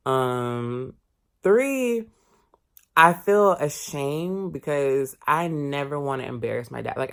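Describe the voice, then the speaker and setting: Candid, expressive man telling a story. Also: mid-range voice. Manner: candid, expressive, swears casually. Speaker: vlogger. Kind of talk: casual storytime vlog.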